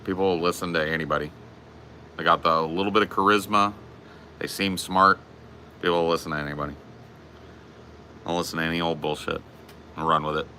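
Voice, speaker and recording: Laid-back man with a bright voice. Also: low-pitched, steady tone, fairly quick, long pauses, slight background noise. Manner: crude, laid-back, says bro. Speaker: podcast host. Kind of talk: casual chat.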